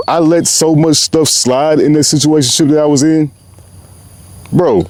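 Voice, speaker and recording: Outdoors, a young man hosting his own podcast delivers an unscripted, heartfelt monologue, rambling passionately with plenty of slang and frequent "bro"s. His voice is fairly high with a darkish tone.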